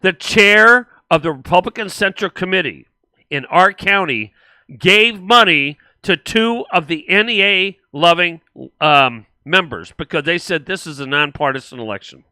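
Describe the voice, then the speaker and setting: Emphatic bright-voiced male talk host. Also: high-pitched, lively intonation, clear, resonant tone, no room sound. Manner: emphatic, drawn-out sarcastic stresses. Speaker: show host. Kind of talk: casual political talk show.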